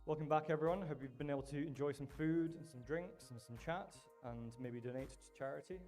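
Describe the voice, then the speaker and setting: A man's voice: fairly high pitch, brisk, a little mellow, faint music behind. Man hosting a live industry event. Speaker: event host. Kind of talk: announcements and speaker introduction. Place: event venue with a bar.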